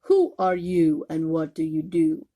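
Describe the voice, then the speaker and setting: Gruff storybook lions roar at a stranger in a rough, growling way. A grandmother puts them on in a slow, dark, breathy voice. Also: deep voice, level tone. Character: gruff roaring unfriendly lions, a group.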